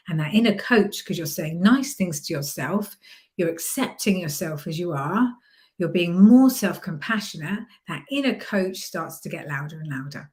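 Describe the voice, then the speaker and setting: Low-voiced woman coaching calmly. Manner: calm, encouraging, sometimes softens into a gentle hypnotherapy voice. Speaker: mindset coach. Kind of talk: coaching podcast with guided visualization.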